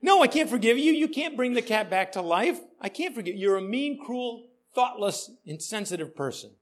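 A man's voice: very high voice, fairly even intonation, a little fast, voice pushed up. A man putting on an indignant woman's voice. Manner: indignant, unforgiving. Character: upset grown woman, a cat owner refusing to forgive.

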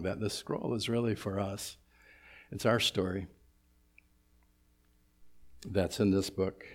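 A male pastor with a fairly low voice delivers a sermon in a church sanctuary. He talks to the congregation casually and breaks in with humorous asides. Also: a little mellow.

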